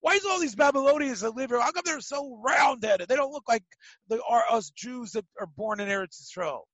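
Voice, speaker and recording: A man voicing a brash man who is trying to provoke a patient sage with rude questions, in a loud, needling tone. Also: extremely high pitch, expressive, fairly quick, no room sound, highs cut off, voice pushed up, full character voice. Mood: mocking.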